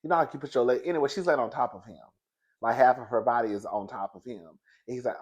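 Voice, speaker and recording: Young male reviewer, gossipy and animated, medium pitch, keeps calling the audience girl and baby. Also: quick pace, breathy edge. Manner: sassy, gossipy, laughs often, calls listeners girl and baby. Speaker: TV show reviewer. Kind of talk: animated casual recap.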